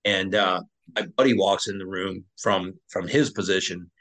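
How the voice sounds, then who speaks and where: A man's voice: low-pitched, steady tone, moderate pace, a bit bright, rough recording. A former Navy SEAL, a man, telling a war story as a podcast guest in a loose, conversational way, with fillers and restarts.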